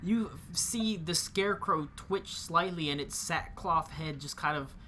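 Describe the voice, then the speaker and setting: Male game master, halting narration, piercingly bright timbre. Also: a little high, a little hiss or hum. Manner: halting, full of fillers and restarts.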